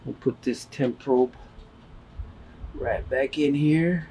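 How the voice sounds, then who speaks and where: A man's voice: medium pitch, a little hiss or hum. A man hosting his own barbecue channel, talking casually and enthusiastically to viewers while cooking outdoors at a grill. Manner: slow, relaxed and enthusiastic, addressing viewers as guys. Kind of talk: casual cooking video talk to camera.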